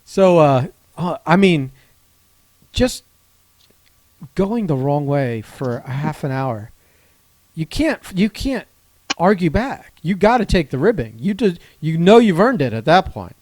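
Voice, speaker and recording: A man's voice: a little high, big pitch swings, unhurried, pauses often, darkish tone, no echo. A man co-hosting a casual podcast chat, laughing and teasing as he reacts to stories. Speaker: podcast co-host.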